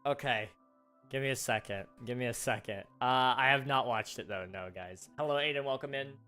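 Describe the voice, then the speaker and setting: A man's voice: mid-range voice, normal speed, sharp tone, smooth, faint music behind. A man chatting casually with his viewers on a livestream, rambling and poking fun at himself. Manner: rambling, chatty, self-deprecating.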